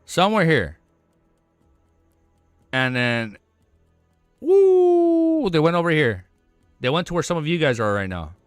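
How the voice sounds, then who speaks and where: A man's voice: medium pitch, sing-song, a little fast, fairly bright tone, clean tone, no echo, clean studio sound, faint music behind. Man reading aloud on a livestream. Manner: stumbles and rereads lines, emotional, swears casually. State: voice getting worn. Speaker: streamer.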